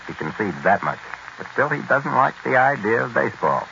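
A man narrating in a brisk, explanatory way, in a 1940s radio documentary. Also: medium pitch, very animated, creaky, sharp tone, a little hiss or hum. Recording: dull lo-fi 1940s radio recording.

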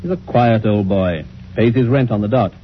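An actor playing a brisk, offhand village doctor in a 1940s radio play, on a dull old recording. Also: male voice, on the low side, slight background noise, lightly acted.

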